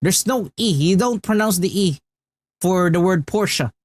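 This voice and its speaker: A man's voice: high-pitched, animated, unhurried, no room sound. A man streaming a game, chatting casually and explaining at length, with frequent restarts. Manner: rambling and explanatory, with many restarts. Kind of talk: casual live-stream chat.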